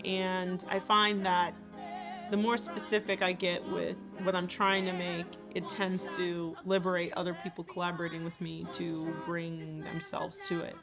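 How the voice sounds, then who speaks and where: A woman's voice: fairly low pitch, flat delivery, unhurried, music in the background. A woman composer and theater maker talking about her work in a thoughtful, earnest way. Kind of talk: reflective interview talk.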